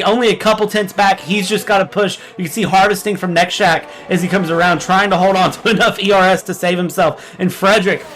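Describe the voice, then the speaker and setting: A young man giving fast, energetic live commentary on an online sim race. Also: high-pitched. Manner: energetic, quick play-by-play.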